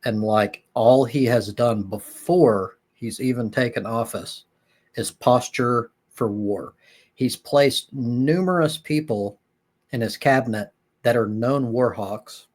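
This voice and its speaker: A man hosting a reaction video, giving casual political commentary in slow, measured talk. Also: medium pitch, darkish tone. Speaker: host reacting to a clip.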